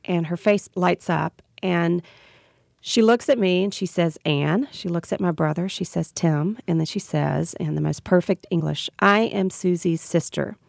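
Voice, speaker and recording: A woman's voice: lowish voice, fairly even intonation, normal speed, gravelly, darkish tone, no room sound, studio quality. A woman with a Southern US accent, a radio guest telling a heartfelt personal story with bits of laughter.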